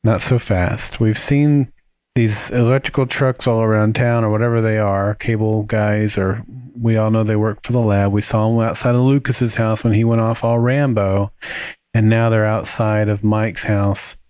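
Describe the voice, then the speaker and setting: A man's voice: lowish voice, moderate pace, clear, resonant tone, no echo. A man hosting a podcast, chatting casually and jokily while recapping and reading listener mail. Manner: jokey, animated recapping. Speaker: podcast host.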